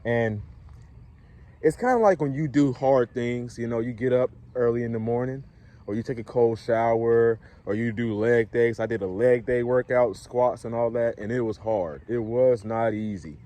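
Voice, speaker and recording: A dating coach, a man with a mid-range voice, talks casually to camera at normal speed. He is relaxed, chuckles often, and keeps checking in with the listener.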